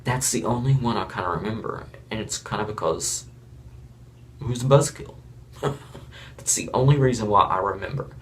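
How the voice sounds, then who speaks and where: A man's voice: on the low side, fast talker, few pauses, fairly bright tone, slight background noise. A man from Florida giving a casual, blunt and rambling review of a reality show, with chuckling asides.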